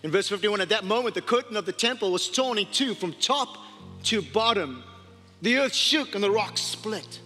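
A man preaching a sermon, impassioned, dropping to hushed tones for scripture. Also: high voice, animated, normal speed. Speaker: pastor. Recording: reverberant hall with faint music.

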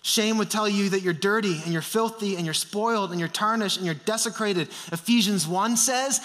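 Guy preaching a sermon, high bright voice, gets real fired up then goes quiet and intense. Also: moderate pace, hardly any pauses. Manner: impassioned, swings between loud fervor and hushed intensity.

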